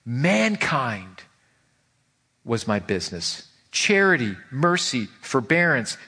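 A man's voice: on the high side, a bit bright, exaggerated voice. A man reading aloud the lines of a tormented old male ghost in chains, declaiming with anguish.

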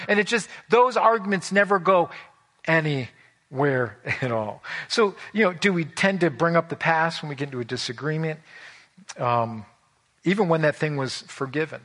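Folksy, animated male preacher. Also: fairly high pitch, moderate pace. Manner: animated, folksy, frequent repetitions and restarts. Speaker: pastor. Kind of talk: conversational sermon with personal stories.

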